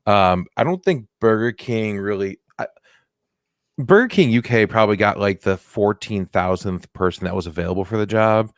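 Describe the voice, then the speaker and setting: A man's voice: fairly low pitch, moderate pace, no room sound, studio quality. A man co-hosting a comedy podcast in casual banter, joking and restarting his sentences. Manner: jokey, restarts often, swings into loud silly voices. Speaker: podcast co-host.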